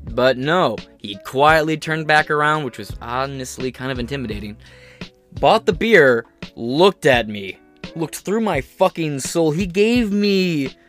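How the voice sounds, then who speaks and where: A man's voice: mid-range voice, a bit bright. A man hosting a podcast, giving casual, sarcastic commentary on a news article and swearing freely as he rambles into stories. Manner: profane, sarcastic, rambling storyteller. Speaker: podcast host.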